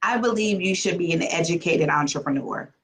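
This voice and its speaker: A woman on a panel giving advice slowly and emphatically in short phrases. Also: lowish voice, fairly bright tone, rough recording.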